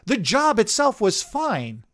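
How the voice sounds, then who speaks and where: A man who owns a hair salon, telling a lively story in casual chat and acting out the people in it. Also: sits high, takes it slowly. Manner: animated anecdote telling, acting out quotes. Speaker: salon owner and stylist.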